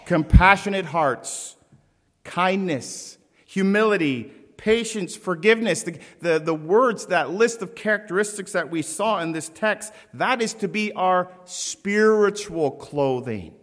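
Man, pastor, sermon, emphatic, slightly high voice, deliberate pauses, long church-hall reverb. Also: expressive. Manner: emphatic, slow deliberate phrasing with asides to the congregation. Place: church sanctuary.

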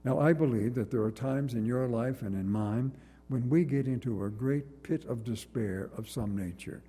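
A man delivers a sermon in a measured, earnest cadence, leaning on repeated phrases. His voice is very dark and somewhat husky. It rings with a long reverb, as in a large church hall. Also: mid-range voice. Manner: earnest, measured preaching with repetition. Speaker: preacher.

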